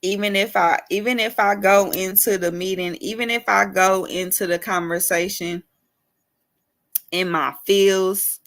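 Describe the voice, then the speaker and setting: A woman's voice: mid-range voice, fairly even intonation, unhurried, a bit bright. A woman urban farmer ranting in a casual vlog, emphatic and repetitive, cussing freely.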